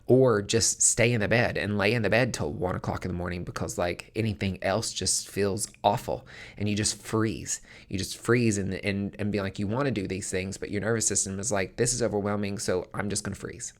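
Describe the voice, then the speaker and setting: Low-voiced frank male podcaster. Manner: frank, casual, swears freely. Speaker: podcast host. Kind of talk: candid podcast monologue.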